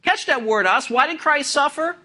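Male pastor, sermon, high-pitched, bright forceful tone, emphatic rhetorical questions. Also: lively intonation, moderate pace. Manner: expository preaching with rhetorical questions and emphatic stresses.

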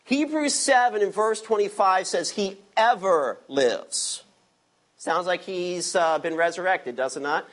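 A man preaching an expository sermon, emphatic and dropping his voice low on key words. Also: moderate pace, hardly any pauses, fairly bright tone. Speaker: pastor.

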